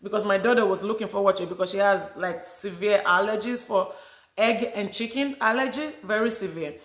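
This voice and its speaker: A woman's voice: mid-range voice, brisk, a bit bright, reverberant. A middle-aged woman from Nigeria with a Nigerian accent, chatting casually and animatedly to her viewers about her travels. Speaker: vlogger.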